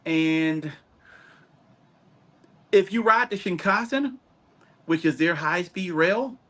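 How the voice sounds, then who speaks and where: A man chatting casually on a podcast, telling stories and putting on quick voices for other people. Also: sits high, lively intonation, fairly bright tone.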